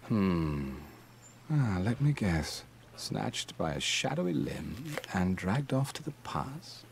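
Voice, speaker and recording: A man's voice: lowish voice, big pitch swings, slow pace, creaky, slight background noise, full character voice. An actor playing a sardonic, mysterious male merchant in a video game, with a dry, mocking, knowing delivery. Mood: wry.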